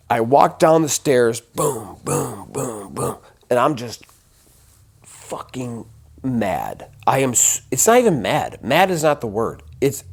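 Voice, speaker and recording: A man recounting a personal ordeal in a slow, deliberate delivery, his pitch swinging widely as the intensity builds. He is blunt and profane, often restarting and repeating phrases for emphasis. It sounds like raw, unscripted testimony rather than a polished talk. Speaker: recovery advocate telling his story.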